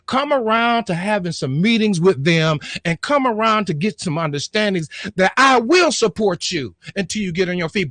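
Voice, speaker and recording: A man's voice: sits high, sharp tone, no room sound. A middle-aged man preaching a motivational sermon straight to his online viewers, calling out for responses and repeating his words as he builds his points.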